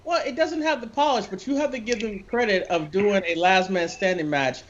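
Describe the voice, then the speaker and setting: A man's voice: high voice, a little fast, a bit bright, lo-fi sound, a little hiss or hum. A man co-hosting a casual watch-along chat, teasing and quizzing the others. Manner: teasing, asks the others questions. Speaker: co-host.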